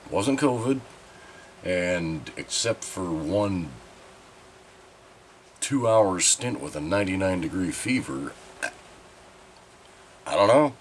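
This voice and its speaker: A deep-voiced man talks through a stuffy, nasal voice, still getting over a sinus infection. He rambles along in a chatty, candid way and swears now and then. A faint air conditioning hum runs underneath. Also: lively intonation, slow, pauses often. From Southern Oregon. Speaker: channel host. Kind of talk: casual vlog update.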